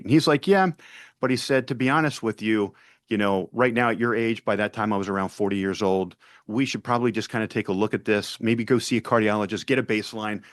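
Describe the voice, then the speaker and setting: A man's voice: fairly low pitch, no room sound, clean studio sound. A man in his forties, a podcast guest, earnestly telling a personal story and acting out the dialogue.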